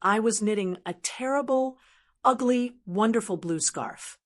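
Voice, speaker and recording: An older woman in her sixties telling a first-person story in a calm, measured way. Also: on the high side. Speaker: narrator.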